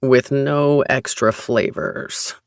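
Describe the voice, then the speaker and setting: A narrator voicing a cocky young man who teases his brother in a snarky, defensive way, with a gravelly, animated delivery. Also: mid-range voice, normal speed, no echo, studio quality. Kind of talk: audiobook narration.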